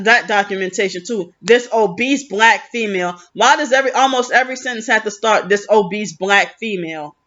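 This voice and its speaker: A woman talks straight to camera in an aggrieved, rambling vent, breaking off and restarting her sentences as she goes. Her voice is bright and forceful. The recording is dull and lo-fi. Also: mid-range voice. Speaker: vlogger. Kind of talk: venting vlog monologue.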